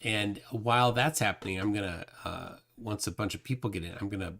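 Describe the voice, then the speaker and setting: A man's voice: fairly low pitch, fairly quick, creaky, a bit bright. A man hosting a casual livestream, reading viewer comments aloud and rambling with lots of fillers. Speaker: livestream host reading chat.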